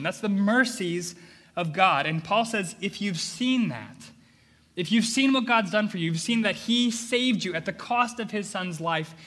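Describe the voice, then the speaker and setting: A man's voice: high-pitched, pushed and bright. A man preaching a sermon as pastor, earnest and emphatic, often repeating phrases for stress. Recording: long hall reverb.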